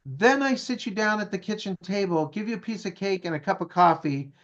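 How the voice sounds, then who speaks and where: A man's voice: sits high, fairly quick, a bit bright, muffled recording. A man being interviewed who tells a story with energy, acts out the dialogue and keeps asking "right?" and "okay?". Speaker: guest speaker.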